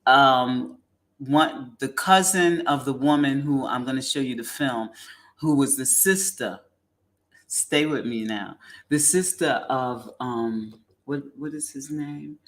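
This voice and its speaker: Slow-talking rambling woman host. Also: a bass voice. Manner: rambling, halting, many ums. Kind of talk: casual commentary.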